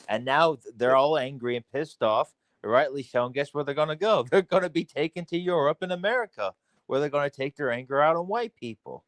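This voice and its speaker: A man's voice: mid-range voice, a bit bright, dry recording. A man hosting a crude, casual podcast, often repeating himself and swearing a lot. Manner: stammering repeats, heavy swearing. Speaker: podcast host.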